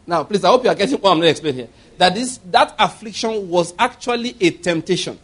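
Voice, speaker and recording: A man with a high voice preaching a sermon. He tells stories animatedly, acting out laughter and voices. He speaks emphatically, putting questions straight to the listeners. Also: expressive, quick pace, a bit bright, husky. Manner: emphatic, addresses congregation directly.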